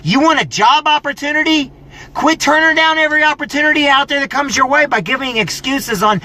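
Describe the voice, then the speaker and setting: A middle-aged motivational vlogger gives a preachy, scolding pep talk, mocking people's excuses in whiny voices. His voice is very high-pitched, brisk and sharp in tone.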